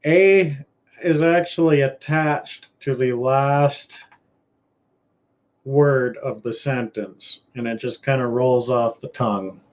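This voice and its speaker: Canadian male host, unhurried and rambling, mid-pitched voice, muffled lo-fi recording. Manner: rambling, laid-back, trails off and restarts. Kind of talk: casual live-stream chat. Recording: dull lo-fi stream audio.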